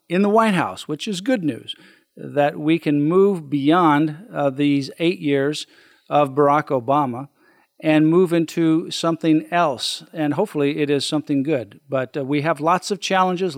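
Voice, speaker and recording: A man hosting a talk radio show, speaking in a measured, earnest way. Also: fairly high pitch, no echo, studio quality.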